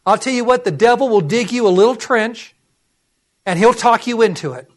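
A man preaching a sermon as pastor, animated and acting out voices as he goes. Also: very high-pitched, normal speed.

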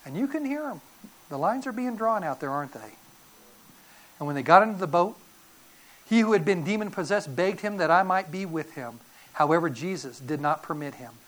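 A woman's voice: fairly low pitch, lively intonation, normal speed. A woman preacher giving a sermon, telling the story dramatically and acting out voices.

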